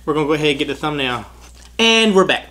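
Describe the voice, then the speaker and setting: A man's voice: fairly high pitch, animated, quick pace, sharp tone, slight background noise. A man hosting a casual eating show, upbeat and slangy, talking straight to his viewers. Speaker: mukbang host.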